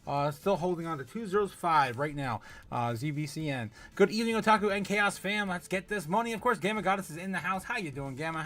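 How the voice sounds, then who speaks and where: A high-pitched man hosts a casual livestream, reading out viewer comments and greeting each one by name. He giggles often and rambles, with plenty of uh's and restarts. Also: a bit bright. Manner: laughs often, greets chat members by name, rambling with many fillers. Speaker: livestream host.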